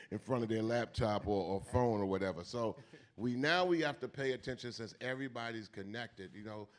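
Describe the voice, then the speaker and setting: Animated, profane New York man on stage. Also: fairly low pitch. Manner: animated, preachy, profane, street slang. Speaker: keynote speaker. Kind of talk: onstage conversation. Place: event stage before an audience.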